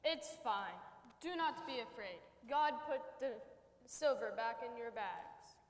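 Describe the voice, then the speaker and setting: A woman playing a calm, reassuring steward in a church skit. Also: on the high side, a little slow. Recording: echoey hall from far.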